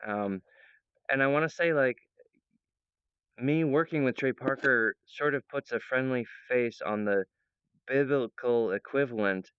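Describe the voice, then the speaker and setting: A man speaks to his audience in a wandering, earnest monologue, full of fillers and restarts. His voice is smooth and resonant at an ordinary pitch. The recording is dry and somewhat dull. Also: measured pace, dry recording. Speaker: presenter of his own project. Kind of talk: rambling monologue to viewers.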